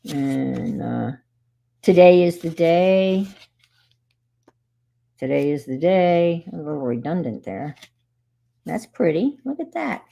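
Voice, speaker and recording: A woman's voice: sits low, creaky, darkish tone, slightly rough. A middle-aged woman hosting a casual crafting stream, rambling cheerfully with self-deprecating asides. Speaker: crafting livestream host. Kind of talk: casual craft demonstration chat.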